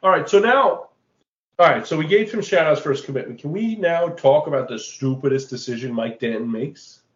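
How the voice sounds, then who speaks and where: A man's voice: on the high side, lively intonation, roomy sound, dull audio. A man co-hosting a casual movie-review chat, joking wryly and swearing now and then. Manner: wry, swearing, quick jokes. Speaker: podcast co-host.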